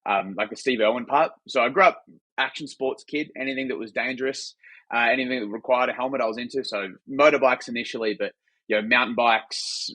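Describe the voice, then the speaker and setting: A man's voice: mid-range voice, a little fast, sharp tone, dry recording. A young Australian man, a company founder and podcast guest, telling his story in an easygoing way. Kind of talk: casual interview.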